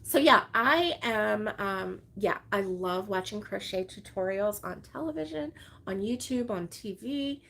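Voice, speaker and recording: A woman runs a casual crochet livestream from her home, where dogs are around, rambling, laughing a lot, and reading and answering viewer comments. Her mid-range voice has lively intonation, a measured pace, vocal fry, and a bit of brightness.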